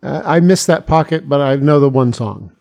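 A man co-hosting a podcast, answering in short, dry, deadpan quips. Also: mid-range voice, moderate pace, vocal fry, no room sound. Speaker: podcast co-host. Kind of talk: casual chat.

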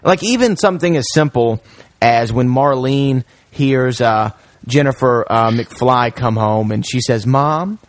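A man hosting a casual film review chat, retelling scenes in an animated way with many fillers. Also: mid-range voice, measured pace, no echo. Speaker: podcast host.

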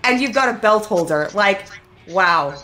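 A woman's voice: medium pitch, lively intonation, a little slow, bright, forceful tone, soft background music. A woman hosting a post-match interview, upbeat and playful, laughing along. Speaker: show host.

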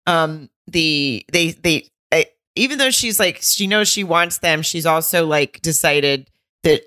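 Brief: woman co-host with a deep voice, lively, chatty recap tone, dry close mic. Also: no room sound. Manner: animated, laughing, quick asides. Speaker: podcast co-host. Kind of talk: casual TV recap chat.

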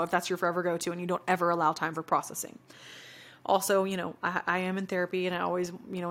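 A young adult woman talks to her listeners on a solo podcast, sincere and reflective. Her voice sits a little low for a woman, and she fills her sentences with relaxed "you know"s and "like"s. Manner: earnest and reflective, many fillers like "you know". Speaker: podcast host. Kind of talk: casual solo podcast talk.

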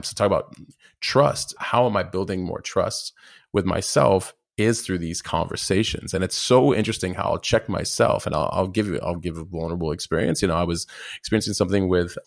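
A man talking as a podcast guest, animated, acting out his inner dialogue. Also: deep voice, vocal fry, no echo, clean studio sound. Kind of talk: casual conversation.

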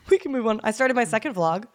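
A woman co-hosting a podcast in casual chat, blunt and swearing freely, joking at her own expense while grieving and holding back tears. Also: fairly high pitch. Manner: blunt, swears freely, self-mocking jokes. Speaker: podcast co-host.

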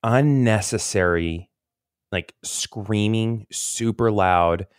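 Low-voiced man, rambling and chatty. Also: takes it slowly, clean tone, no room sound, studio quality. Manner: rambling, self-interrupting, laughs often. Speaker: podcast co-host. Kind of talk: casual chat.

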